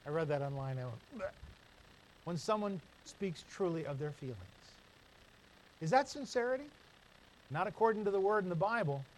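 A man's voice: high voice, fairly quick, slight background noise, rough recording. A male pastor preaching a sermon, telling stories and asking rhetorical questions. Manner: storytelling, animated, asks the room rhetorical questions.

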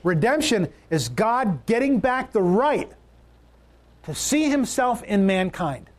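A male pastor with a notably high voice delivers a sermon. He talks emphatically and repeats his key lines, letting his pitch rise and drop to drive each point home. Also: sing-song, takes it slowly.

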